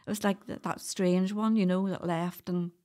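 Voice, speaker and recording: A woman's voice: lowish voice, fairly even intonation, normal speed, mellow. A middle-aged woman with a Northern Irish accent, chatting as a podcast guest and telling stories with frequent laughs. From Northern Ireland. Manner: chatty, storytelling, laughs often. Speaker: guest doula. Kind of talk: casual podcast interview.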